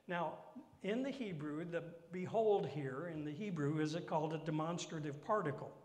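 A man preaching a sermon, with dramatic drops into whispered asides and slow emphatic phrasing. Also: a little high, a little mellow. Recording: echoey hall.

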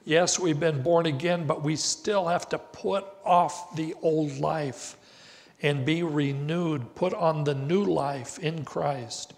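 An older man preaching a sermon as pastor, slow and deliberate with emphatic rises on key words. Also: on the high side, creaky. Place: church sanctuary. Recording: reverberant church hall.

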